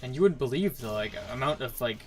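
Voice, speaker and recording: A man's voice: mid-range voice, lively intonation, quick pace. Young New man telling a rambling story. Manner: rambling storyteller, heavy use of "like". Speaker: streamer. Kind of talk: casual chat while gaming.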